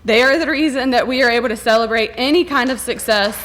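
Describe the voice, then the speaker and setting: A woman's voice: on the high side, fast talker, noisy background. A woman principal giving a heartfelt, rambling award acceptance speech to a gala audience. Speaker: elementary school principal. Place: gala hall in front of an audience.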